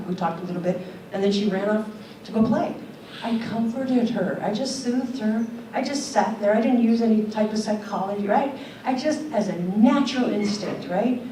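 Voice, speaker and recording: A woman's voice: medium pitch, warm tone, a little hiss or hum. An older woman, a keynote speaker at a conference, talking earnestly and telling stories. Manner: earnest, questioning, tells stories. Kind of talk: conference talk. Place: conference hall. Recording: roomy hall audio from a distance.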